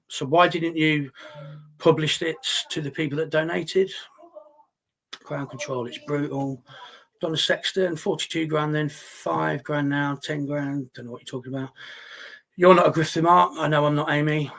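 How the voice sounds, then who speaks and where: A middle-aged man hosts a casual live stream, reading comments from his chat and firing back bluntly, often swearing. His voice sits a little high for a man and carries a gravelly rasp. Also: fairly even intonation, moderate pace, a bit bright. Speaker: livestream host reading chat.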